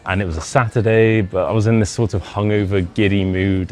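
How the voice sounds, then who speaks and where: A man's voice: low voice, fairly even intonation, fast talker, hardly any pauses. A young British man with a Modern RP accent, an English teacher casually telling a self-deprecating personal anecdote. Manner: chatty, self-deprecating, acts out quoted dialogue.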